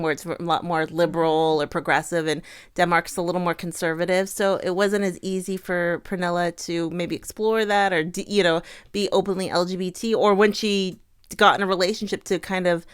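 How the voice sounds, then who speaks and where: A woman's voice: on the low side, fairly even intonation, moderate pace, clean tone. A woman co-hosting a casual chat, talking in long rambling runs. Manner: chatty, rambling with fillers. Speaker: co-host.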